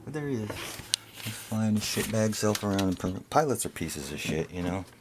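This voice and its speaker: A man with a very low voice who rants and rambles, swearing freely and sounding indignant. He talks on a sailboat into a camera set down nearby, with a faint background hiss. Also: animated, moderate pace. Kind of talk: casual vlog rant. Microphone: handheld camera set down nearby.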